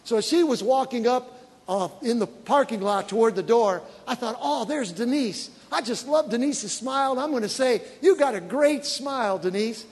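A man, a pastor, preaching a sermon with animated storytelling that rises to shouted praise. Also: extremely high pitch, normal speed, slightly rough. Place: large church auditorium. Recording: long reverb of a large church hall with congregation. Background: faint congregation.

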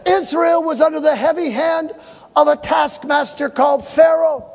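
A male pastor preaching a sermon in a church, telling funny stories and breaking into shouted exhortations. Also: very high-pitched, normal speed, in a large hall. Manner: animated, humorous storytelling with shouted exhortations. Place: church sanctuary.

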